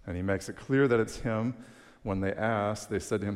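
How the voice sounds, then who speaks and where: A young man preaching a sermon in a relaxed, conversational way, with a touch of dry humor as he reads scripture aloud. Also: deep voice, quick pace, vocal fry. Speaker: pastor. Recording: long reverb of a large hall.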